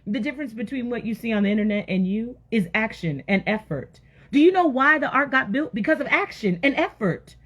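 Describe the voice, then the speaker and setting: A woman giving an energetic motivational sermon, firing rhetorical questions and breaking into sudden loud exclamations. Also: fairly high pitch, brisk, breathy edge. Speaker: motivational faith speaker.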